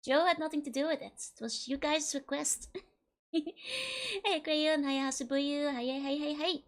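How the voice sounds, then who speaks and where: Giggly high-voiced woman streamer. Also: steady tone, normal speed. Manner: playful, giggly, greets chat one by one. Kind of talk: live game stream chat.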